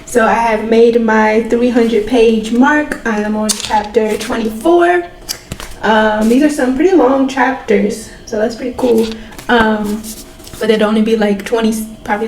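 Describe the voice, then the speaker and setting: A young woman chatting excitedly in a reading vlog, gushing and filling her talk with "like.". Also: on the high side. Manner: excitable, gushing, drawn-out "like" fillers. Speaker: book vlogger. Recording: echoey room, faint background noise.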